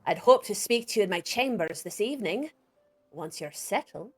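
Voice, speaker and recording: A woman voicing a raspy female ship captain who greets passengers aboard her vessel. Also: mid-range voice, lively intonation, normal speed, faint music behind, pitched above the performer's own voice. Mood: welcoming.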